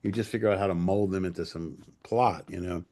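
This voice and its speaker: Low-voiced profane storyteller man. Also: fairly even intonation, brisk, warm tone. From Port Chester, New York. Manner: salty, profane anecdotes acting out others' lines. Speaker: guest filmmaker. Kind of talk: casual storytelling interview.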